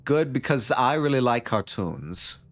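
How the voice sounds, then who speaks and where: A man voicing a shy young colonist kid who loves cartoons, in a put-on mock European accent with slow, drawn-out delivery. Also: medium pitch, lively intonation, close to an everyday voice. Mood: bashful. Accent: mock Tommy Wiseau-style European accent. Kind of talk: acting out a visual novel character.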